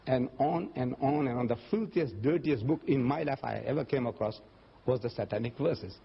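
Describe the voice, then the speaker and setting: A man's voice: normal speed, gravelly, breathy edge. An older man giving a religious lecture and answering audience questions, telling stories animatedly and acting out the voices he quotes. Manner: animated storytelling, often jumping up in pitch to act out quoted voices. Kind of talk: public lecture Q&A. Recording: dull lo-fi lecture recording.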